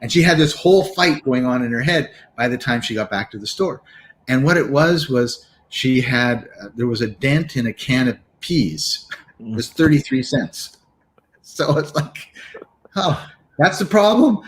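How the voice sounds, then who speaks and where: A man's voice: medium pitch, moderate pace. Man acting out quotes in casual talk. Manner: animated storyteller, acts out quotes. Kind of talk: casual business chat.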